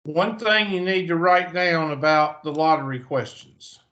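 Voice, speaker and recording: This muffled video call captures a man with a Southern US accent lecturing a math class online. His voice is on the high side with a sharp tone, a little slow, and he's chatty, thinking out loud.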